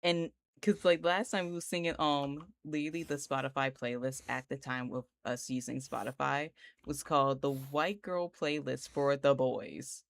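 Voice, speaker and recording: A woman's voice: extremely low pitch, fairly even intonation, moderate pace, vocal fry, no room sound. A woman, chatting casually and giggling as she draws on a live art stream. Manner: giggly, rambling, slangy. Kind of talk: casual chat while drawing live.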